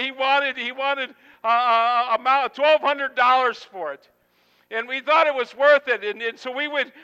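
Middle-aged male pastor, smooth resonant tone, chatty sermon anecdotes. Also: extremely high pitch, pushed and bright, in a large hall, highs cut off. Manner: folksy, rambling, acts out quotes. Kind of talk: storytelling sermon.

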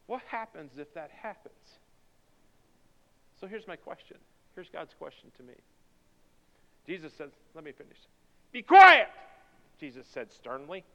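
A man's voice: on the high side, lively intonation, normal speed, long pauses, a bit bright, slight background noise. A male pastor preaching a sermon in a church, driving it with emphatic, repeated rhetorical questions. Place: church sanctuary. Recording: dull recording with long hall reverb.

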